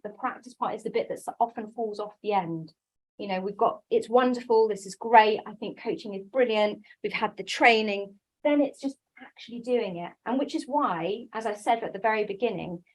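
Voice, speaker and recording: A woman giving a conference talk on coaching, lively and self-deprecating, with quick quoted asides. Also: a little high, breathy edge, poor audio. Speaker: coaching speaker.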